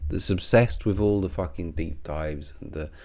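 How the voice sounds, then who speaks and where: Guy ranting on his channel, low gravelly voice, sarcastic and sweary. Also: moderate pace, darkish tone. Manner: sarcastic, sweary, chuckles between jabs. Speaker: commentary video host. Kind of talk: rambling monologue.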